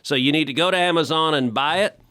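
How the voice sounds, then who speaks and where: Bright, emphatic male podcast host. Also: a little high, fast. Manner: emphatic, repeats words when starting. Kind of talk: casual podcast conversation.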